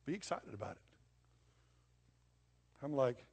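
A middle-aged man preaching a sermon, impassioned, swinging between loud declarations and low, hushed asides. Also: very animated, unhurried, pauses often, slightly rough. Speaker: pastor.

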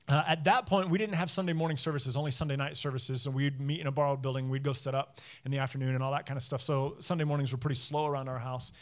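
A man's voice: mid-range voice, steady tone, fast, hardly any pauses. A man in his thirties or forties, a pastor giving a sermon through chatty personal stories with frequent laughs. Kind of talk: conversational sermon storytelling. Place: church service.

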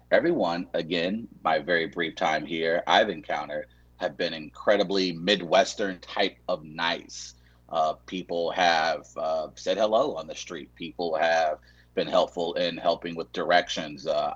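A man's voice: low-pitched, slightly rough, muffled recording. A man from Saint Louis, a guest in a casual chat, rambling with dry humor and frequent restarts.

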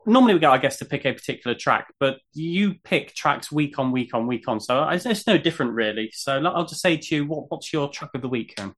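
A man's voice: a little high, lively intonation, fast, few pauses, fairly bright tone. A man from the hosting a radio show, asking his guest questions in a chatty way. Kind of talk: casual interview.

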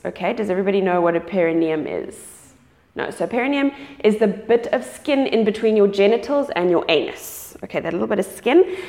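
A woman's voice: mid-range voice, darkish tone. A woman teaching a live yoga class, guiding students and checking in with frequent "okay"s. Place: yoga studio. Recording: echoey studio with long reverb.

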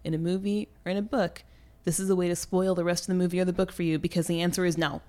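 A woman co-hosting a podcast in a casual book discussion, animated, laughing often and acting out quoted lines. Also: lowish voice, quick pace. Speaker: podcast co-host.

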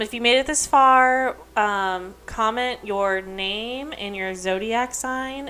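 A woman co-hosting a podcast at an ordinary pitch, talking in easy, casual chat. She is agreeable and often chimes in with short backing words. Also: a bit bright, slight background noise. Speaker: podcast co-host.

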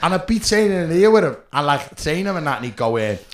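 A man with a Liverpool accent, a podcast guest, telling animated anecdotes and calling people "lad". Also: fairly high pitch, fast talker, heavy background noise. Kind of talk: casual podcast chat.

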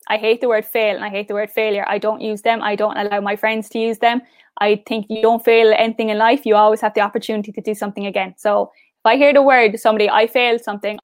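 A woman's voice: mid-range voice, dry recording, clean studio sound. A young woman with an Irish accent, a guest in a casual interview, chatty and upbeat with lots of "like" and "I suppose". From Ireland. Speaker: interview guest, pageant finalist.

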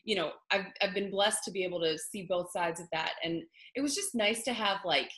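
A woman's voice: mid-range voice, brisk, fairly bright tone. A young woman, a country singer, chatting casually in an interview with lots of fillers. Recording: echoey room.

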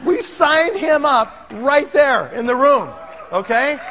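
A man telling a story in an animated way, acting out quoted voices and laughing often. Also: extremely high pitch, slow, long reverb tail, a little hiss or hum. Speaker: speaker telling a business story.

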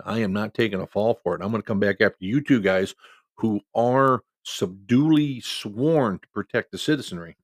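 Gravelly-voiced man telling a story. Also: fairly low pitch, dry recording. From Iowa. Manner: folksy, conversational, quotes people in his own voice. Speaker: football referee. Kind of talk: casual spoken storytelling.

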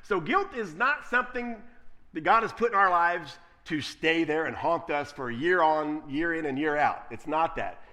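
A male preacher giving a conversational sermon, telling stories in an animated way. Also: a little high, moderate pace. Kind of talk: sermon with storytelling.

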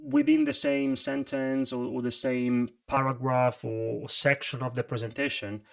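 A man who is not an English speaker coaches presenters in a livestream, demonstrating emphasis as he goes. His voice rises and falls with energy and has a gravelly texture. He sits a little back from the microphone. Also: medium pitch, moderate pace, recorded from a distance. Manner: animated, practical, demonstrates vocal emphasis. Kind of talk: livestream interview.

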